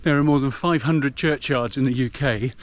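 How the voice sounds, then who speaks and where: A man's voice: medium pitch, normal speed. Middle-aged man narrating on a noisy trail. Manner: chatty, explanatory storytelling. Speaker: vlogger. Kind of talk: running commentary while trail running. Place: outdoors on a muddy rural trail. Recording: noisy outdoor recording.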